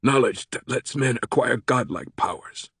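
A man's voice: medium pitch, brisk, fairly bright tone, slightly rough, no echo, studio quality, voice pushed up. A man voicing a stern, skeptical woman security director who speaks with sarcasm and makes demands.

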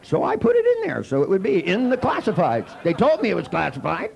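Gravelly older man telling mocking stories. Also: high voice, wildly swooping pitch, brisk, a little mellow, highs cut off, a faint crowd. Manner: wry, mocking, acts out both sides of dialogues. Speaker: seminar speaker. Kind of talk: comic storytelling lecture.

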